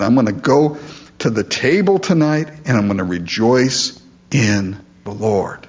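Male pastor, unhurried and earnest, preaching with lively rises and falls in pitch, slightly muffled lo-fi sound. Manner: earnest, emphatic preaching with rhetorical questions. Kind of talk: sermon.

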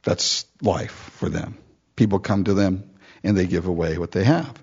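A man preaching a sermon, retelling a Bible story in an animated way with chuckling asides. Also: sits low, normal speed, breathy edge. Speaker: pastor. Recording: dull lo-fi recording.

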